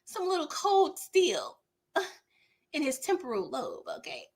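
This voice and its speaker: A woman's voice: high-pitched, slow pace. A woman hosting a live TV recap, chatting casually with lots of laughs and acting out characters' lines. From California. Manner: animated, laughing, acts out characters mid-story. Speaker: TV recap host.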